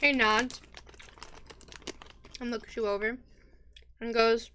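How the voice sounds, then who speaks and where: Woman GM, bright higher voice, easy tabletop narration. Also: little pitch movement, slow, slight background noise. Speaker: game master.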